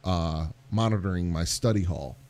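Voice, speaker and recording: A man's voice: low-pitched, normal speed. A man in casual chat as a podcast co-host, talking expressively and playfully, swearing now and then. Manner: expressive, playful, vivid comparisons, swears freely. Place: garage.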